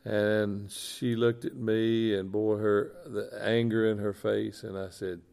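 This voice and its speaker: Gravelly chaplain telling a story. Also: male voice, on the low side, little pitch movement, slow pace, darkish tone. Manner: earnest, repetitive, folksy storyteller. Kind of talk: testimony storytelling on a talk show.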